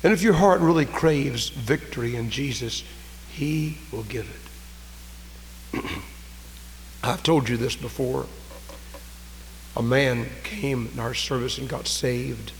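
A man preaching a sermon, fervent, swinging from loud raised cries to low, quiet storytelling. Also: slow, long pauses, big-room sound, a little hiss or hum, poor audio. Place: church.

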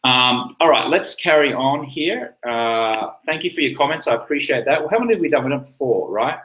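A man's voice: mid-range voice, lively intonation, normal speed, a bit bright, reverberant, slight background noise, poor audio. A man hosting a live chat, telling a personal story in a rambling, casual way with many fillers and restarts. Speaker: livestream host.

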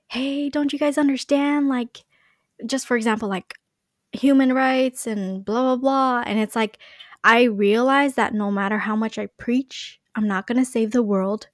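A young woman talks casually on a podcast, sprinkling in lots of "like" and "you know." Her voice sits a little high and moves at a normal speed. The studio recording is clean, with no room sound.

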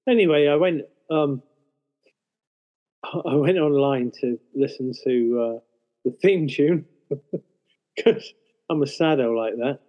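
A man's voice: on the high side, takes it slowly, long pauses. A man co-hosting a podcast, chatting in a wry way, recorded on a lo-fi setup. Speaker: podcast co-host. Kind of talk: casual chat. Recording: dull, lo-fi with long reverb from an unplugged mic.

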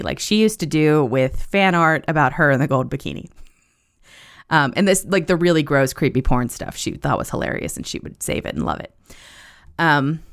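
A deep-voiced woman hosts a casual monologue, telling a story in an animated, profane way and laughing as she goes.

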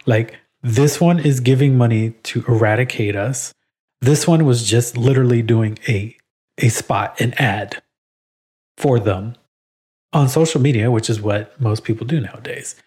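A man in a relaxed podcast conversation, his voice sitting at an ordinary middle pitch. He talks in an animated, easygoing way, laughs often and drops the odd curse word. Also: measured pace. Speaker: podcast co-host. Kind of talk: casual podcast chat.

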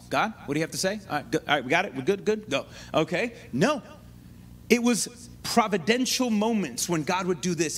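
A man preaching a sermon in an animated way, often checking in with his listeners. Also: sits high, slight background noise.

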